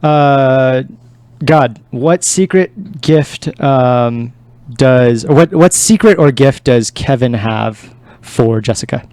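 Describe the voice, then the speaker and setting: A man hosting an improv show, giving halting scene prompts. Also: medium pitch, a little mellow, no echo. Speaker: improv host. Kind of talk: casual chat.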